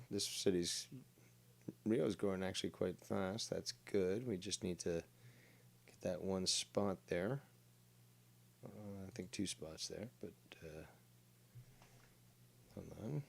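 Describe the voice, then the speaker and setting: A man's voice: lowish voice, slow pace, vocal fry, pauses often. A man streaming a strategy game, thinking aloud with many fillers and making crude, sarcastic remarks. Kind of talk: live gaming commentary.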